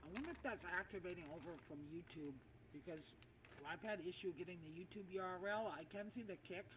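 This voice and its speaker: Talking at a quick clip in a lowish voice, this female streamer chats aimlessly while gaming, dropping filler words constantly. The recording is echoey and distant, with noise behind her in a reverberant room.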